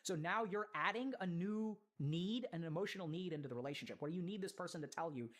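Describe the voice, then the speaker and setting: A mental health commentator talks quickly through a viewer's letter and keeps a steady middle pitch. The delivery is earnest and explanatory, with many "like"s and tag questions of "right?".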